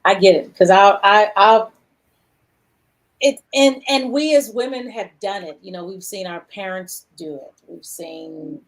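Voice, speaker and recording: A woman hosting a talk show, chatting casually and telling stories with lively, acted-out quotes. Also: measured pace. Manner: animated storyteller, acts out quotes with big pitch jumps. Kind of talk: casual chat.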